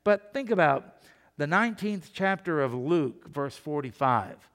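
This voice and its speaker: High-voiced pastor preaching in a reverberant hall. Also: male voice, a little slow. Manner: folksy, animated storytelling. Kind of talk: sermon.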